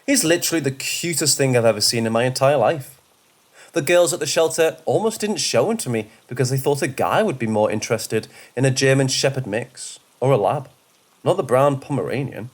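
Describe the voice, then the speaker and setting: Male narrator for true ghost stories, steady and measured, medium pitch. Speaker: storyteller. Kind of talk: scripted horror story narration.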